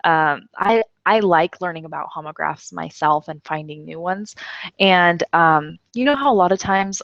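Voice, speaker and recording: A woman teaching an English lesson in a chatty way with many fillers, slowing down to demonstrate words. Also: fairly low pitch, gravelly, a bit bright, dry recording, highs cut off.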